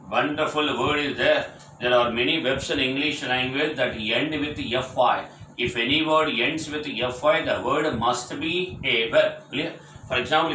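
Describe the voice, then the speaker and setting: A man teaching English vocabulary, spelling words out letter by letter, explaining each meaning and repeating it, asking if it is clear. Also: mid-range voice, bright, forceful tone. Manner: repetitive, explanatory. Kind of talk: vocabulary lesson. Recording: echoey room with faint ambient noise.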